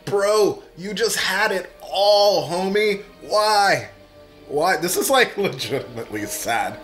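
A man giving a casual, profane reaction commentary while watching a movie, blurting out excited remarks. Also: sits high, slow, soft background music. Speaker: reaction video host.

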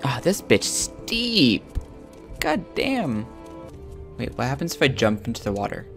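A man giving crude, joking commentary while playing a video game, with loud excited outbursts. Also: medium pitch, a little slow, vocal fry, faint music behind. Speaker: gamer streaming his own play. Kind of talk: profane let's-play commentary.

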